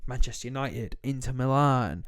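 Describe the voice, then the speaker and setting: Lively young man talking football. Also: mid-range voice, clear, resonant tone. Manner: animated, quick, acts out quotes. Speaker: podcast co-host. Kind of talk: casual football chat.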